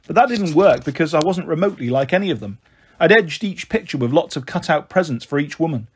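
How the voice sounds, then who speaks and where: A man reading a children's novel aloud in a steady, expressive way. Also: a little high, slightly rough. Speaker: storyteller. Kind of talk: audiobook reading.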